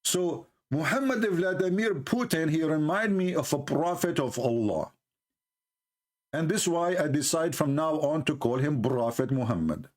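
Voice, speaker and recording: A man giving sarcastic commentary on a video clip, speaking halting English with repeated jabs. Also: a little high, lively intonation.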